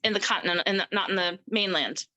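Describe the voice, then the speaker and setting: A middle-aged woman telling her personal story as an interview guest, animated and acting out the voices of people she quotes. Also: medium pitch, fast talker, poor audio. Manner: animated, acts out quoted speech.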